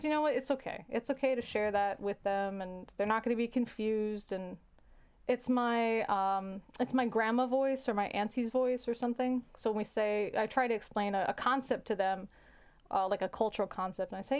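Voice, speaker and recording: Smooth-voiced woman telling rambling stories. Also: a little high, moderate pace. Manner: rambling, self-interrupting, laughs often. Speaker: teacher. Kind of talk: casual storytelling chat.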